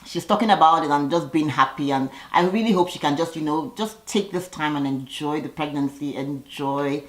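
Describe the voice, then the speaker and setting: Sassy low-voiced woman recapping TV. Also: reverberant, rough recording. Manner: chatty and sassy, quick asides. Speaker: reality TV recap vlogger. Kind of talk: casual recap commentary.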